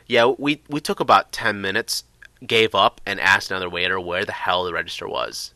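A man with a low-set but bright, forward voice recounts a personal story in a loose, casual way. He rambles, full of "like" and "uh," and the recording is dry and close. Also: normal speed, creaky, no room sound. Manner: rambling, filler-heavy, excitable retelling.

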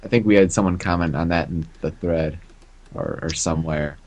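Man, podcast host, lowish voice, casual, laughs a lot. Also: normal speed, a little mellow. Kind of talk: casual chat.

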